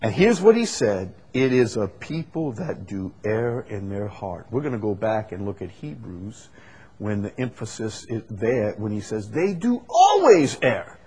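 A man preaching a Bible study sermon. He builds to loud, emphatic repetition and then drops back to quiet explaining. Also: lowish voice, expressive, measured pace, noisy background.

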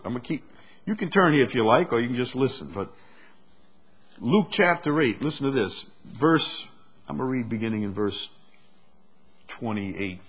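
A man's voice: medium pitch, fairly bright tone. A man preaching a sermon, reading scripture aloud and building to emphatic, rising delivery.

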